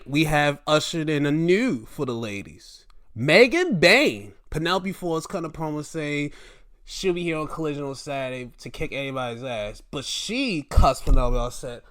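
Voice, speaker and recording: A man from Baltimore giving a casual, animated recap of a wrestling show and acting out quotes. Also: fairly high pitch, measured pace.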